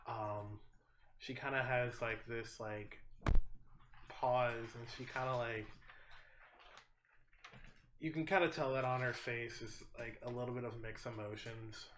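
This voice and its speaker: A man's voice: medium pitch, fairly even intonation, a little slow, pauses often, fairly bright tone, a little hiss or hum. Rambling male game master. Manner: rambling, filler-heavy description. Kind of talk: narrating a tabletop game.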